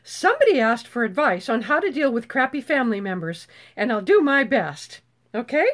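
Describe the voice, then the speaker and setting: An older woman chatting casually as a channel host, with a high voice that swings widely up and down. She is bubbly, swears freely and breaks into screeches when excited. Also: normal speed. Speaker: YouTube host. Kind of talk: casual live chat.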